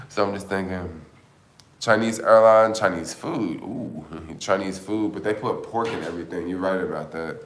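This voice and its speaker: A lower-pitched man talks loosely on his livestream, filling his thoughts with plenty of likes and you-knows. His voice rings a bit in an echoey room. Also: normal speed. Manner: rambling, lots of filler words. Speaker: livestream host. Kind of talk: casual livestream chat.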